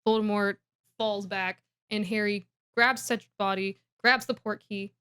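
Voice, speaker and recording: A woman's voice: mid-range voice, steady tone, measured pace, sharp tone, clear, resonant tone. A woman co-hosting a podcast, casually recapping a book as a rambling storyteller with lots of fillers. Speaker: podcast co-host.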